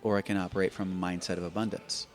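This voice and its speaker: A deep-voiced man in his fifties, a podcast guest, tells conversational stories at a quick pace in an open-air bike and coffee shop set in a garage. He's animated, repeating words and restarting as he thinks, with faint music in the background.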